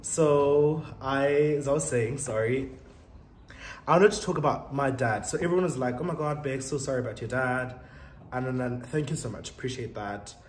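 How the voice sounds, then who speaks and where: A man's voice: medium pitch, moderate pace. A young South African man chatting casually and laughing often while telling a story and getting ready. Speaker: vlogger. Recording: roomy echo, faint room noise.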